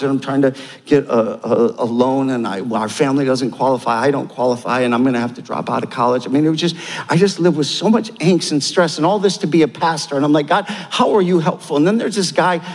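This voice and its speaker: Older male pastor, husky high voice, sermon in a big echoing church hall, animated then quiet. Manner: animated preaching, repeated lines building up, then a quiet personal story.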